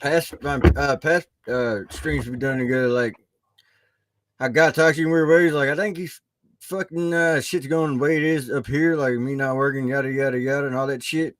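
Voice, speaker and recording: A man's voice: medium pitch, steady tone, moderate pace, a bit bright, no room sound. Laid-back, slangy man, dry close sound. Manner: laid-back, slangy, supportive, swears freely. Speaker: livestream host. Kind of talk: casual chat.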